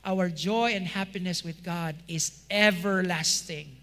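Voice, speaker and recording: In a high, bright voice, a male pastor preaches a sermon at an unhurried pace. He pauses for rhetorical questions and stresses single words with rising emphasis, then lets his phrase endings drop low, all inside a long hall reverb.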